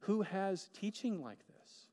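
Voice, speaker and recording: A man's voice: sits high, expressive, slow pace, a little mellow, in a large hall. A man preaching a sermon as a pastor, earnest, with rhetorical questions and dramatic shifts of pace.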